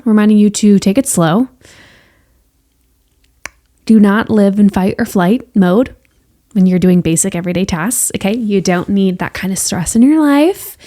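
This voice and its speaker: A woman's voice: mid-range voice, dark tone. A woman hosting a casual solo podcast who also cares for patients. She talks in a chatty, playful and reassuring way. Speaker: podcast host; healthcare worker with patients.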